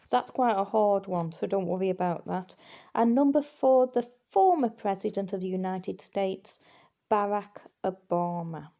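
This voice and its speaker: A woman teaching a recorded language lesson, patient and reassuring, with frequent fillers and pauses. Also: mid-range voice, dark tone.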